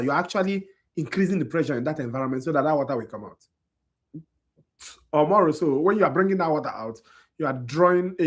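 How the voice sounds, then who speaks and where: A man's voice: a little high, a bit bright, a little hiss or hum. A tired man lecturing on anatomy to a class, quizzing his students and often checking whether they understand. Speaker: anatomy instructor.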